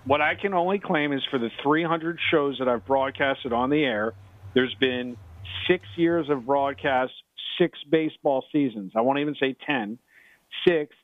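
A man's voice: mid-range voice, normal speed, dry recording. A middle-aged man talking sports betting on a radio show, rambling and restarting his sentences. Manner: rambling, repeats himself, many restarts. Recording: tinny phone line.

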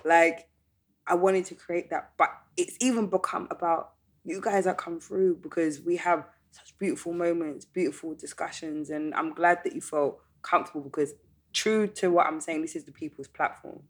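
A woman's voice: fairly low pitch, steady tone, normal speed, breathy edge. A woman hosting a podcast, chatting casually and playfully with slang, thanking her guest and her listeners. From Caribbean heritage. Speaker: podcast host.

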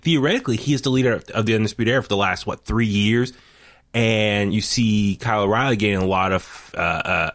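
Excitable young man, laughing, chatty. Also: mid-range voice. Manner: laughs often, excitable, many fillers. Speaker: podcast co-host. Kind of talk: casual wrestling chat.

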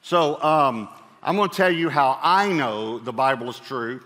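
A man preaching a sermon as pastor, talking in a relaxed conversational way with fillers and repeated phrases. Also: medium pitch, measured pace. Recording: reverberant church hall.

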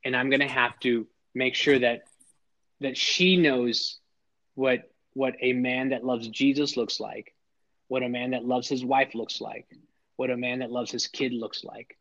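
A man's voice: medium pitch, steady tone, unhurried, a bit bright. Earnest middle-aged man, slightly muffled. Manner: earnest, emphatic, repeats words when starting sentences. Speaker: podcast guest. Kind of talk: heartfelt conversational storytelling. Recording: slightly dull lo-fi sound.

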